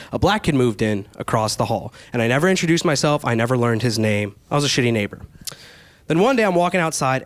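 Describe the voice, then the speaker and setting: A man's voice: mid-range voice, dry recording. A young man performing a stand-up comedy set on a club stage, telling stories with quoted back-and-forth exchanges. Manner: animated storytelling with quoted exchanges.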